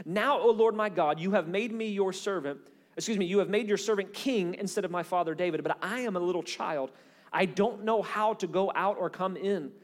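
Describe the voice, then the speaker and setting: A man preaching with a high, light voice, reading scripture aloud and retelling its stories with lively acted-out voices. His voice rings with a long hall reverb. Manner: animated storytelling, acts out voices in Bible stories. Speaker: pastor. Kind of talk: sermon.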